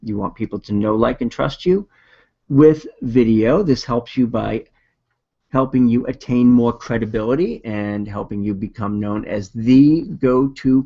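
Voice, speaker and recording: A man's voice: mid-range voice, vocal fry, dark tone, breathy edge, lo-fi sound. A man with a Boston accent presenting a video marketing webinar in a casual, upbeat coaching manner.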